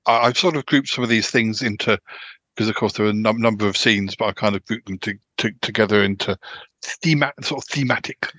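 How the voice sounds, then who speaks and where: British male podcast host, lowish voice, meandering and relaxed, dry sound. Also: fairly quick, no room sound. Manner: rambling, pieces thoughts together as he goes. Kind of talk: casual chat about TV dramas.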